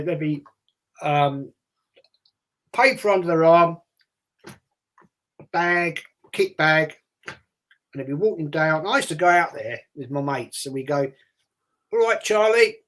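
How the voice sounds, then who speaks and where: A man's voice: a little high, fairly bright tone. Older London man telling rambling stories. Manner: rambling anecdotal storytelling with acted-out voices. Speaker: host. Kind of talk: casual chat.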